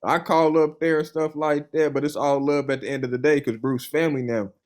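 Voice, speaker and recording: A man's voice: fairly high pitch, fairly even intonation, fairly quick, darkish tone. Young man telling his story casually. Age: young adult. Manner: loose storytelling, full of "you know" and "man"; earnest and enthusiastic. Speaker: funded trader, interview guest. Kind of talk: casual conversational interview.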